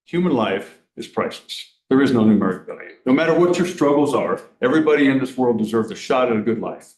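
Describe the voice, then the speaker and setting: Fast-talking earnest man in an echoey room. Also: mid-range voice, animated, darkish tone. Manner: earnest, rhetorical, asks the audience questions. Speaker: law enforcement speaker. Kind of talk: public presentation at a council meeting.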